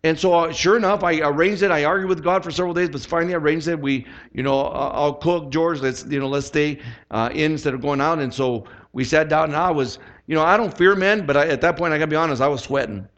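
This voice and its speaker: A male pastor delivers a sermon in a fairly high voice. He tells a personal story and slips into animated, acted-out dialogue along the way. The sound is dull and lo-fi, as if taken from a church recording. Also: quick pace, hardly any pauses.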